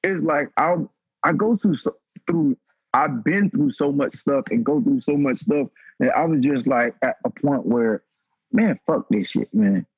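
A man's voice: measured pace, slightly rough, no room sound, lo-fi sound. A man in his thirties, a former football player, telling a raw, emotional story on a podcast panel and swearing freely. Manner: raw, emotional, profane, pitch climbing when stirred.

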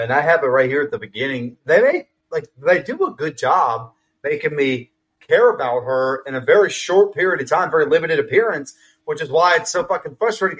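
Dude riffing on a movie, swears a lot, voice jumps all over. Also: male voice, on the high side, slightly rough, low-quality recording. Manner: animated, swearing, quick asides. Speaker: podcast co-host reviewing a film. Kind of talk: casual chat.

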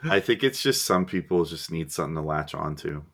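A man co-hosting a podcast, reading listener questions in a relaxed, hesitant way with many fillers. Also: very deep voice, a little fast. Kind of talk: casual chat.

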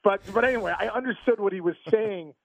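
A man telling stories as an interview guest, animated and stammering through restarts, laughing as he goes. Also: high-pitched, quick pace, vocal fry. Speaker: guest, former pro ballplayer. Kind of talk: casual storytelling interview. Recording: tinny phone-line sound, dry.

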